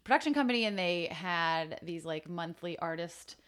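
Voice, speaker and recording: A woman co-hosting a casual recap podcast, reacting quickly and agreeing eagerly. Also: on the low side, expressive, a bit bright, smooth. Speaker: podcast co-host.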